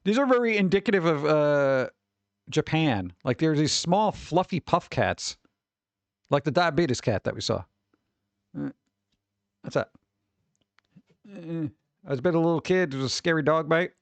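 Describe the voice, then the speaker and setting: Animated streamer man, lively pitch. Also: normal speed, long pauses, no echo. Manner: animated, chuckling, drifts into mock voices for animals. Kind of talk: casual chat reacting to pet pictures.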